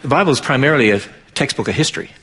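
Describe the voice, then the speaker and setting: A man's voice: mid-range voice, animated, rapid-fire, sharp tone, breathy edge. A middle-aged man with an Australian accent preaching to an audience in an emphatic, driving way. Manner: emphatic, rises sharply for mocking quotes. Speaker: Christian speaker.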